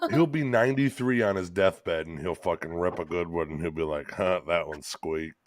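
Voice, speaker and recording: A man's voice: low voice, a little fast, no room sound. A middle-aged man from Michigan telling stories in a laid-back casual chat, swearing often and laughing along. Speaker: co-host.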